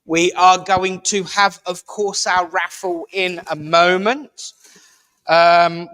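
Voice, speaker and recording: A man's voice: high voice, a bit bright, smooth. A man hosting a church service in a village hall, making jokey announcements and leading a closing prayer. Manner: chatty, self-mocking, playful. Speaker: service leader and host.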